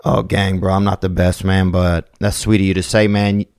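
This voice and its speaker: A man with a low, flat, darkish voice hosts a casual podcast at normal speed, sounding clear and resonant in a clean studio with no room sound. He rambles and swears, peppering his talk with "man" and "bro."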